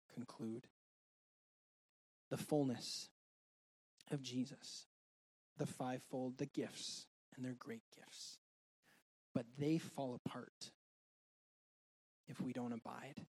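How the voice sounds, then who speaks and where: A man preaching a sermon and sharing a personal testimony, earnest and heartfelt, moving between loud and soft delivery. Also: mid-range voice, takes it slowly, long pauses.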